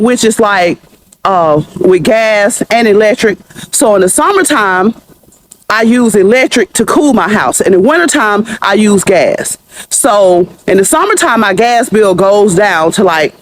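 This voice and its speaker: A woman venting to the camera about her utility bills in an exasperated, animated way. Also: on the high side. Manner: exasperated, animated, dialect-heavy. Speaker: resident complaining about bills.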